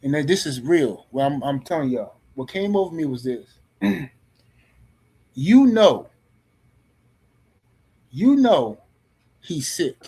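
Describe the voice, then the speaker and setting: A middle-aged man on a podcast panel tells a story casually, in a blunt, profane and animated way, often restarting his sentences. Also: on the high side, slow, long pauses, breathy edge.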